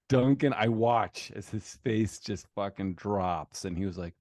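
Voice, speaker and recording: Speaking slowly at medium pitch, a co-host in his thirties tells a family story in casual podcast chat. He's an animated teller, acting out quotes in raised voices. The recording is dry.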